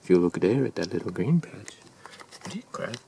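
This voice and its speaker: A man playing a low-voiced eccentric guru. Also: big pitch swings, normal speed, gravelly. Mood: excited. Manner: swings between hushed whispers and loud exclamations; broken English grammar. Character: eccentric male motivational guru, intense and earnest. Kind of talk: character monologue to camera. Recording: distant mic with faint ambient noise.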